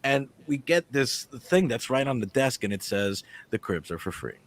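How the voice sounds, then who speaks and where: A man's voice: mid-range voice, moderate pace. Man telling a profane story. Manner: animated, profane, acts out the dialogue. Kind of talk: casual storytelling among friends.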